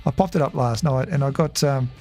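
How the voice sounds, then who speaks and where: A man chatting casually while streaming a game, rambling and halting, with frequent chuckles. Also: mid-range voice, darkish tone, faint music behind. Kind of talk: casual live-stream chat.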